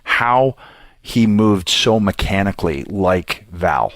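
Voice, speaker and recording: A man's voice: low voice, expressive, takes it slowly, a bit bright, no room sound, clean studio sound. A man from Canada co-hosting a podcast, chatting casually with teasing banter. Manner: teasing banter, breaks into sung lines. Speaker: podcast co-host. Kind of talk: casual chat.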